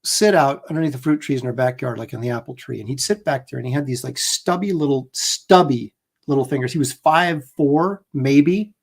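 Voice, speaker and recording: A man's voice: medium pitch, a little fast, vocal fry. A man hosting a casual livestream chat, telling rambling, jokey stories. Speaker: host.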